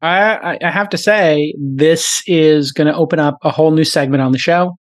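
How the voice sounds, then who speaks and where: A man's voice: on the high side, normal speed, no room sound. A middle-aged man hosting a podcast, riffing animatedly with plenty of fillers. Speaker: podcast host. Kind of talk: casual chat.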